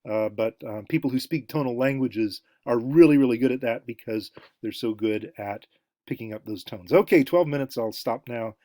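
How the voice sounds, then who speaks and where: Halting man lecturing, full of fillers. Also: mid-range voice, mellow, dry recording, studio quality. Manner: halting, many fillers and restarts, demonstrating sounds aloud. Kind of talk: recorded lecture.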